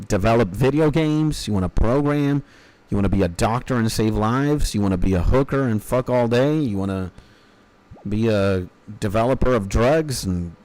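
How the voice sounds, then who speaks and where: A man's voice: medium pitch, darkish tone. Rambling, foul-mouthed man in his thirties. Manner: rambling, profane, mock-philosophical. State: hungry after an early start. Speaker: streamer. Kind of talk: casual chat while gaming.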